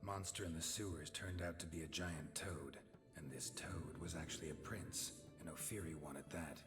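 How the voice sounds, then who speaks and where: An actor playing a gruff, weary, middle-aged male witcher in a video game, calm and low-spoken. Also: moderate pace. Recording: game audio with music behind.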